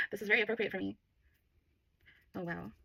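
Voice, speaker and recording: A woman's voice: mid-range voice, steady tone, fairly quick, creaky, bright, forceful tone, slightly rough, no echo, rough recording. A woman talking casually while unboxing stationery, bubbly and gushing, often laughing. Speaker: stationery vlogger.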